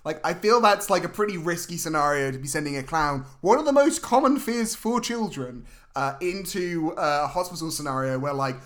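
A man, retelling a film plot in a jokey, sweary, animated way as a podcast co-host. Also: fairly high pitch, a little fast, hardly any pauses. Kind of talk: casual film recap chat.

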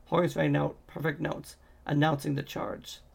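Man narrating a fantasy novel aloud. Heavy gravel, husky tone, flat delivery, stumbles and restarts often. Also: a little high, measured pace. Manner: reads with frequent slips and restarts. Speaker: audiobook reader. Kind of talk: amateur novel reading.

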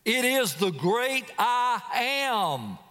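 A man's voice: extremely high pitch, big pitch swings, very slow, bright, forceful tone, big-room sound. A man preaching a sermon as a guest preacher, telling a scripture story dramatically and asking his listeners direct questions. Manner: asks the congregation direct questions.

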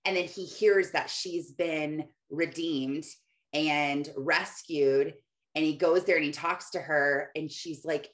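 A woman's voice: low voice, steady tone, takes it slowly. A young adult woman hosting a live faith-based morning podcast, chatting eagerly with lots of filler words. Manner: enthusiastic, chatty, full of "like" fillers. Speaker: podcast host.

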